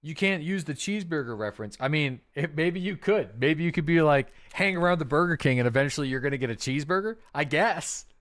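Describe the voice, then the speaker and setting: Here a gamer hosts a live stream, talking casually and naming subscribers as he thanks them. His fairly high voice moves a little fast with few pauses, loose and conversational, with plenty of fillers and remarks aimed at chat.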